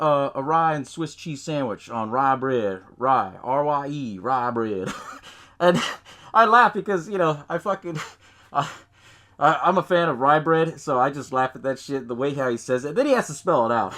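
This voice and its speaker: A man's voice: on the high side, fairly bright tone. A man hosting a podcast, recapping a film in loose casual chat, swearing often, laughing and acting out lines from scenes. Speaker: podcast host.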